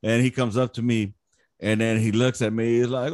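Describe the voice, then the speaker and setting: A man in his thirties, an army veteran, telling war stories in casual chat, profane, animated and boastful. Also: mid-range voice, normal speed, dry recording, clean studio sound.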